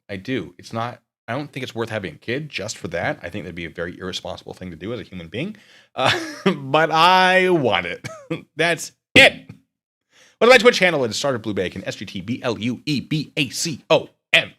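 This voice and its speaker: A man's voice: deep voice, sharp tone. A man hosting a stream, chatting casually with his viewers in a rambling, joking way. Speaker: streamer and video host. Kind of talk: casual chat to live chat.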